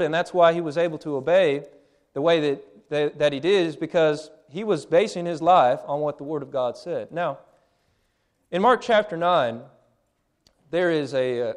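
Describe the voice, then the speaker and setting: A man in his thirties delivers a sermon with earnest conviction. His voice sits a little high for a man. He speaks plainly and often restarts phrases mid-thought. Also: clean tone. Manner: earnest, plain-spoken, with frequent restarts and fillers. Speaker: preacher.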